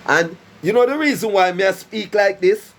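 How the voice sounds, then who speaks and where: A man's voice: high-pitched, lively intonation, normal speed, a little hiss or hum. A man preaching to a live stream as a self-styled prophet, giving emphatic warnings with rhyming, repeated phrases and frequent "right?" checks. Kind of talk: preaching monologue.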